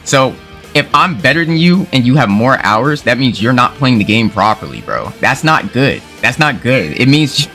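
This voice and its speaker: A man with a bright, forceful voice recounts a gaming grudge in relaxed slang, tossing in "bro" constantly. Soft guitar music plays faintly underneath. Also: medium pitch, moderate pace. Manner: slangy, laid-back, peppered with "bro". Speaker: gaming video creator. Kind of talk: casual storytelling commentary.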